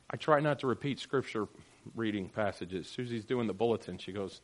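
A man preaching a sermon as pastor, swinging from loud emphatic lines to quiet, joking asides with his congregation. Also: mid-range voice, measured pace, long pauses.

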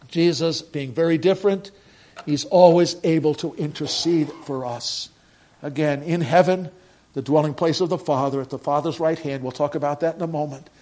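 An older male pastor delivering a sermon, his slightly higher voice talking to the congregation in a relaxed, storytelling way. He often swells into louder, emphatic stretches to drive home a point. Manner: conversational preaching with rising emphatic bursts.

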